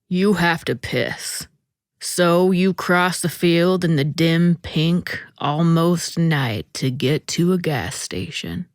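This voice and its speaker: A woman hosting a podcast, reading a short story aloud in a slow, deliberate way that dips into soft whispers. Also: lowish voice, dry recording, clean studio sound.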